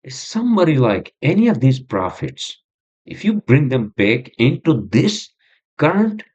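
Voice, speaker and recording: In a mid-range, sing-song voice that's darkish and husky, a man talks at a measured pace. He's the host of his own podcast, venting through a rambling, agitated monologue full of swearing and fillers, with dull lo-fi recording quality.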